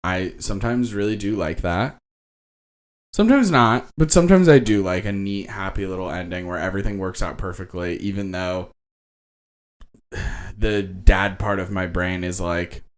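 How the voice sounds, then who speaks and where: A young man co-hosting a podcast, reviewing a movie in casual chat and acting out lines with sudden high jumps. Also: moderate pace. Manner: animated, acts out quotes with big pitch jumps. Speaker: podcast co-host.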